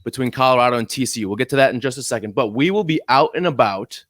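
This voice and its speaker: A man co-hosts a casual sports podcast in an easy, teasing manner. His voice sits at a middle pitch, and the mic is close and dry with no room sound. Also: racing, a bit bright, dry recording. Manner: upbeat, teasing banter. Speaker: podcast co-host.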